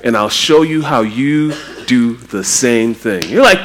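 A man from Trinidad preaching a sermon, animated and acting out quotes with a raised voice. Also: mid-range voice, a little slow.

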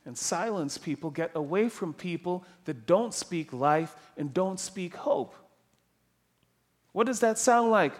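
A man preaching a sermon, emphatic and animated, dropping soft and then rising loud. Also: high voice, unhurried.

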